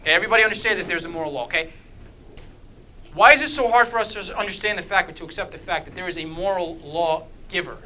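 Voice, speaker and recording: A man with a high, very bright voice leads a group talk, checking again and again that the audience follows along. He keeps it lively with playful jokes, and a faint noise sits behind him. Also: quick pace, poor audio. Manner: quizzes the audience with frequent "okay?"; lively and animated, with a playful humor. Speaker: speaker leading a church group talk. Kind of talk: interactive apologetics talk.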